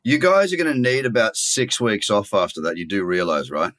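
A man's voice: lowish voice, sing-song, fairly quick, a bit bright. Joking man hosting a crypto podcast. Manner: joking, upbeat interviewer. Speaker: podcast host. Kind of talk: casual interview chat.

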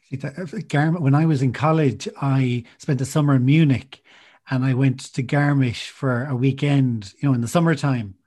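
Husky-voiced relaxed interviewer. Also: medium pitch, moderate pace. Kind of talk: casual interview.

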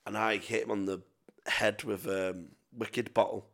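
A man's voice: on the low side, flat delivery, moderate pace, creaky, a bit bright. A young man telling sweary, rambling stories in casual chat as a podcast co-host. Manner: sweary, rambling anecdotes with self-mocking laughs.

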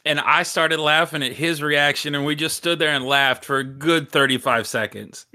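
A man's voice: on the high side, moderate pace, pushed and bright. Rambling man telling a story. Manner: rambling, lots of filler, swears. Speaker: podcast host. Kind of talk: casual storytelling chat.

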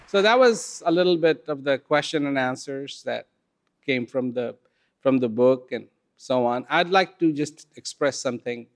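A man telling a story in a talk, unhurried and expressive, with dramatic pauses. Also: mid-range voice. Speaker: speaker.

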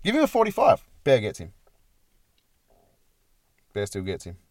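A young man co-hosting a podcast, talking in crude, swearing, animated banter. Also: medium pitch, moderate pace, no room sound. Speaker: podcast co-host. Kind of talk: casual banter.

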